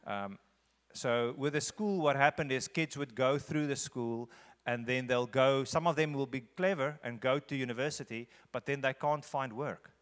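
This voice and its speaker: A man's voice: mid-range voice, moderate pace, fairly bright tone. Man in an echoey church. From South Africa. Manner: earnest, repeats phrases for emphasis. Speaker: visiting guest speaker. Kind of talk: conversational church talk leading into a sermon. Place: large church sanctuary.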